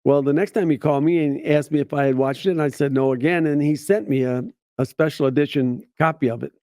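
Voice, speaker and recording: Gravelly, dark-voiced storytelling man. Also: a little high, fairly even intonation, dry recording, clean studio sound. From United States. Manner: halting, many restarts and repeated words; acts out quoted voices in his stories. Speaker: veterans advocate. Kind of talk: personal storytelling.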